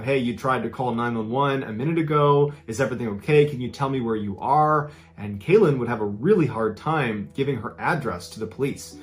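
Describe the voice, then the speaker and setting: Man narrating true stories in a casual voice. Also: mid-range voice. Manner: conversational, chatty asides. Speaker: storyteller host.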